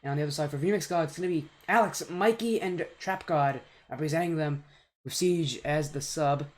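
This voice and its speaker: A man's voice: fairly high pitch, a little fast. A man hosting and casting an esports match on a live stream, upbeat and joking at his own expense, talking into a home mic on a voice call. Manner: upbeat, joking, self-mocking. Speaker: esports caster and host. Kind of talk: live game commentary on a stream.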